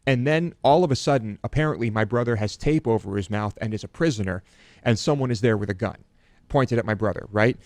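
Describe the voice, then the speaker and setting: A man's voice: fairly low pitch, brisk, dry recording. A man who is a show regular, telling an anecdote in casual chat with lots of restarts. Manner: rambling, animated storytelling with many restarts.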